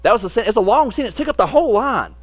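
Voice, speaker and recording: Storytelling pastor, higher-pitched man. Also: animated, rapid-fire, no echo. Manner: storytelling, acting out quoted voices. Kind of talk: sermon. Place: church sanctuary.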